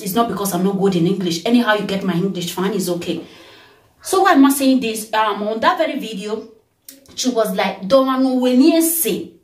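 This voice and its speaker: A Nigerian woman vlogger, tired, talking in an animated way and breaking into song and blessings. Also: medium pitch, distant mic. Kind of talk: casual birthday tribute vlog with singing. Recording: roomy sound from off the mic.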